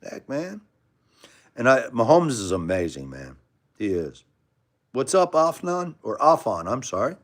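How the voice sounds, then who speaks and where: A man's voice: mid-range voice, big pitch swings, unhurried, long pauses. An American man hosting a casual livestream, chatting with viewers in a chummy, rambling way and calling them brother and man. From United States. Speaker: livestream host. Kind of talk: casual live chat reading comments.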